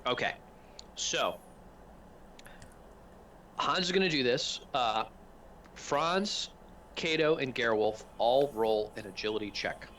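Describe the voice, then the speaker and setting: This game master for a tabletop session talks slowly through his headset, leaving long pauses as he calmly walks through explanations. His pitch is medium, and some slight background noise is audible.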